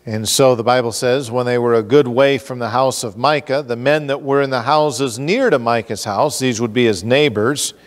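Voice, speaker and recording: A man preaching an expository sermon as pastor, animated and acting out scripture characters with comic exasperation. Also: medium pitch, normal speed, few pauses, big-room sound. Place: church sanctuary.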